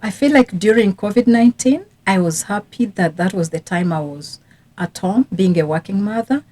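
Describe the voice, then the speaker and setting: A woman's voice: mid-range voice, normal speed, darkish tone. A woman in her thirties working as a parenting coach, giving earnest casual advice with repeated emphasis. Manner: earnest, repetitive emphasis, occasional restarts.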